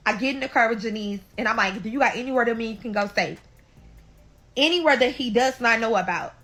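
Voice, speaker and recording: Bright-voiced St. woman telling a story. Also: fairly high pitch, a little fast, faint music behind, rough recording. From St. Louis, USA. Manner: animated, keeps calling out to listeners, swears freely. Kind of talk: storytime vlog.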